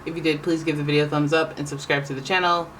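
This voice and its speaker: Rambling tarot reader, casual chat, middle pitch, faint hiss behind. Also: flat delivery, fast, a bit bright, poor audio. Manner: rambling, chatty, self-correcting. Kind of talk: casual tarot reading monologue.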